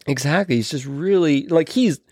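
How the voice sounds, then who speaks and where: A man on a podcast, as host or guest, chats casually about old films, rambling with lots of restarts and plenty of enthusiasm. His voice is on the high side with a darkish tone at normal speed, in clean studio sound with no room noise.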